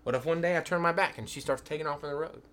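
Emphatic high-voiced male Bible teacher. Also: rapid-fire, a bit bright. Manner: emphatic, repeatedly calls for attention, asks the listeners questions. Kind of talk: animated Bible teaching in group chat.

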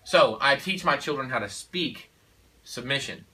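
A man's voice: mid-range voice, lively intonation, measured pace, pushed and bright, recorded from a distance, poor audio. A man and father of four speaking in a casual conversation, in an emphatic, preachy way with frequent "you know" and "okay?". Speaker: father of four sharing parenting views.

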